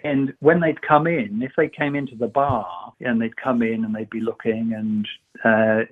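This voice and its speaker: Male guest, rambling lively storyteller, tinny phone-line sound. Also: mid-range voice, slightly rough. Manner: rambling, animated storyteller doing voices. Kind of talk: casual anecdote telling.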